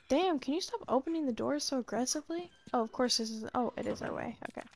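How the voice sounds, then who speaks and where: A woman's voice: high voice, creaky, a little hiss or hum. A woman streamer giving casual gameplay commentary, chatty, profane and teasing, laughing often.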